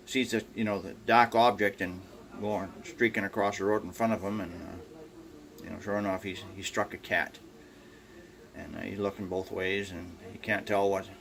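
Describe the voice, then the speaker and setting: An older man with a low, gravelly voice tells farm jokes at home, wandering through his stories with plenty of "uh" and "you know." He jumps into the voices of his characters as he goes. A faint hiss sits under the home camera recording. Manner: rambling, many fillers, acts out characters. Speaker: joke teller. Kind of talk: folksy joke telling. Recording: faint background noise.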